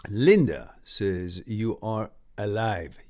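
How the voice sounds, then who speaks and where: A man's voice: on the low side, animated, slow pace, darkish tone, slight background noise. A man from Canada hosting a live stream, reading viewer comments aloud with chuckles and upbeat asides. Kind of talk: casual live-stream chat.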